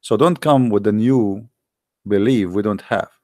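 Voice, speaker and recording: A man with halting, non-native English giving a casual, heated, argumentative monologue to viewers, often repeating himself. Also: fairly low pitch, darkish tone, no room sound, clean studio sound. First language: not English.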